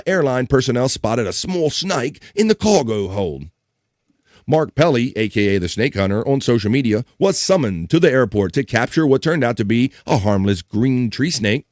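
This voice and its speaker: A man hosting a live stream, reading offbeat news and chat comments aloud in a jokey, animated way. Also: medium pitch, no room sound, clean studio sound. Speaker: live-stream show host. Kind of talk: casual news read and chat.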